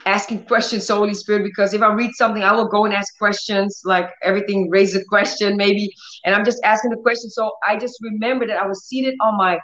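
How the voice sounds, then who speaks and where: A woman's voice: medium pitch, flat delivery, fast, fairly bright tone. A woman hosting a healing ministry stream, preaching and praying with bold commanding declarations. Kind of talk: livestream preaching and prayer. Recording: roomy, dull lo-fi stream audio.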